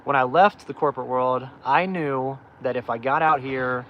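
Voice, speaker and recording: A man's voice: medium pitch, moderate pace, muffled recording, slight background noise. Middle-aged man telling candid rambling stories. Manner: rambling, candid, many fillers and restarts. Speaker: off-grid channel host. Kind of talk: casual livestream storytelling.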